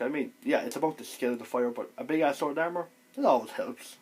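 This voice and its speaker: A man giving a casual, excitable video review, retelling scenes with lively exclamations. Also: mid-range voice, fast, hardly any pauses, slightly rough. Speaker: TV show reviewer.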